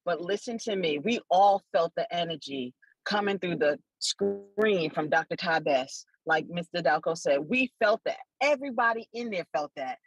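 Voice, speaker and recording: A woman's voice: lowish voice, moderate pace, dry recording, low-quality recording. Woman jumping in, fervent and preachy, dry close sound.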